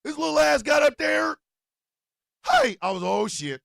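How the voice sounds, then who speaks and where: A man tells a comic story. His voice is high and gravelly, and his pitch leaps all over. The sound is close and dry. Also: moderate pace, dry recording. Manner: animated, swings from low mutters to loud outbursts. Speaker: podcast host telling a story. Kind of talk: comedic storytelling monologue.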